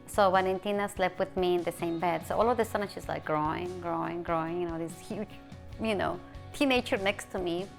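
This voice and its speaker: A woman's voice: on the low side, vocal fry, faint music behind. Emotional woman. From Mexico City. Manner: halting, emotional retelling with many restarts. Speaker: interviewee. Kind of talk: personal interview.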